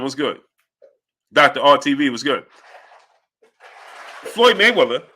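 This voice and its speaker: On his live-stream boxing show, this host greets chat viewers by name and drives his points home emphatically, repeating them. His voice is fairly high, bright and forceful.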